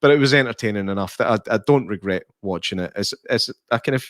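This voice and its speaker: A man's voice: lowish voice, quick pace, no room sound, studio quality. A man co-hosting a casual podcast, joking and laughing easily as he reviews a film. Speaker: podcast co-host. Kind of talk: casual movie review chat.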